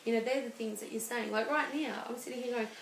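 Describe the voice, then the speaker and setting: Woman guest, thirties, gravelly, echoey studio, halting personal story. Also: fairly high pitch, steady tone. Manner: halting and emotional, many restarts. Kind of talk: personal interview. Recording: roomy studio with faint hiss.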